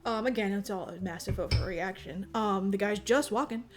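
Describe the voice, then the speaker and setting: A woman's voice: mid-range voice, moderate pace, over music. A woman podcast host recapping a movie in casual, rambling, profane chat full of fillers. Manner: rambling, swears a lot, heavy fillers.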